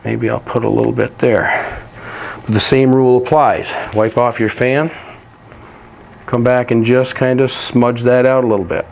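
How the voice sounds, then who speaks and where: A man teaching a painting lesson, walking through each step in a relaxed, practical way while he works. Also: medium pitch, normal speed, creaky. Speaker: painting instructor.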